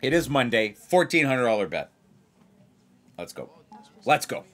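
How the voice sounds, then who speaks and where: Excitable man with a lively, swooping voice. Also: mid-range voice, normal speed. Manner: excitable, repeats himself, addresses viewers as players. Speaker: blackjack video host. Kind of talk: casual chat while playing blackjack.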